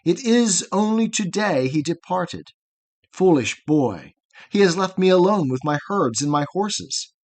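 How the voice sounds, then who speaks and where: A man's voice: high-pitched, expressive, measured pace. A man voicing a hearty older male herdsman, a former blacksmith, in a cheerful, reassuring way while reading a poem aloud.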